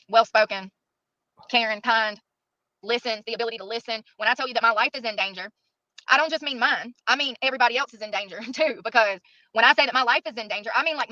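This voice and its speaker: A woman's voice: fairly high pitch, quick pace, sharp tone, no echo. A middle-aged woman ranting to camera in a played clip, aggrieved and self-pitying. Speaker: clip subject. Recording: dull lo-fi clip.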